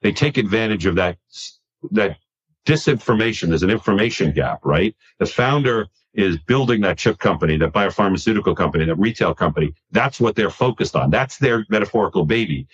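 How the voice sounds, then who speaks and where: A man from New York talking in a casual podcast conversation, animated and quick to repeat himself when excited. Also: lowish voice, breathy edge, lo-fi sound.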